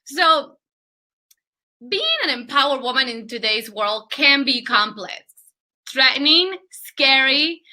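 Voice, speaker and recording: A woman's voice: sits high, takes it slowly, sharp tone. A woman coach hosting a live online training, gushing as she greets viewers by name from the chat. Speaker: women's empowerment coach.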